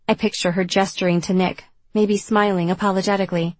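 A young woman narrating a first-person audiobook in a wry, confessional, self-deprecating way, with a husky voice. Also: medium pitch, flat delivery, a little fast, hardly any pauses, no room sound.

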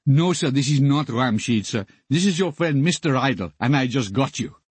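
A fawning, over-the-top tech-support man with a comic Indian accent, as a man puts him on. He bows and scrapes with endless yeses and sirs, his husky voice bouncing higher and lower through every line. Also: expressive, moderate pace, dry recording. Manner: obsequious, repeats sir and yes.

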